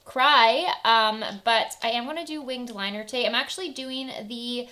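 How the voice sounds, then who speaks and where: A woman's voice: on the high side, normal speed, bright, forceful tone. Chatty young woman beauty vlogger. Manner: chatty and upbeat, tearing up at touching stories. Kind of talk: casual get-ready-with-me chat.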